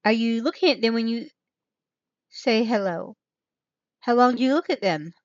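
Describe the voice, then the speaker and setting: A woman's voice: fairly high pitch, expressive, normal speed, no room sound. Rambling woman streamer, dull dry mic. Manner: rambling, trails off and restarts, thinks aloud. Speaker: channel host. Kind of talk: rambling casual livestream chat.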